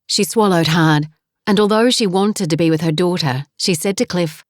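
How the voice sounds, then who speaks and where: A woman reading a novel aloud in a measured, steady way. Her voice sits slightly low. The recording is close and dry, with no room sound. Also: dry recording. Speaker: audiobook narrator. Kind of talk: scripted narration.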